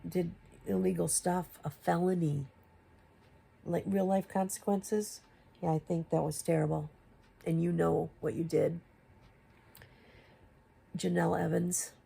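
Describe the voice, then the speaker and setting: A woman's voice: on the low side, little pitch movement, slow pace, creaky, long pauses, warm tone, breathy edge. A woman giving confrontational commentary, firing rhetorical questions at another creator. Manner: confrontational, rhetorical questions, rising to exasperated emphasis. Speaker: commentary YouTuber.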